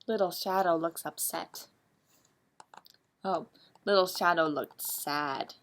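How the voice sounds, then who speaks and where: A woman librarian reads a picture book aloud at a live-streamed children's story time, asking her young listeners animated, coaxing questions. She speaks slowly in a lowish voice.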